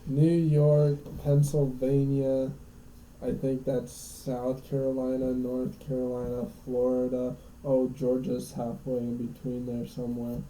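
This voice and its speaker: Nebraska-raised male co-host, dark mellow voice, joking and thinking aloud. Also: mid-range voice, completely flat delivery, a little slow, slight background noise, poor audio. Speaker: podcast co-host. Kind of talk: casual chat.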